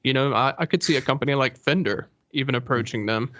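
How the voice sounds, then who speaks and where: A man's voice: medium pitch, quick pace, fairly bright tone, no room sound. A man co-hosting a podcast, talking easily and agreeably with lots of fillers. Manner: easygoing, agreeing, hedging with fillers. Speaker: podcast co-host. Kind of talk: casual chat. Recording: dry, slightly dull lo-fi sound.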